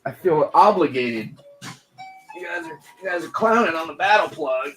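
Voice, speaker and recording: A man's voice: fairly high pitch, expressive, normal speed, a bit bright, soft background music. A man in his forties hosting a late-night livestream, chatting casually, laughing often and swearing freely. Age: 40s. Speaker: livestream host.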